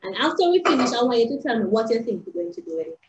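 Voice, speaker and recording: A woman teaching young children in a sing-song, excitable way, recorded indoors. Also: fairly high pitch, rapid-fire, a little hiss or hum. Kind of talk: animated lesson for young children. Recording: roomy, slightly dull home video.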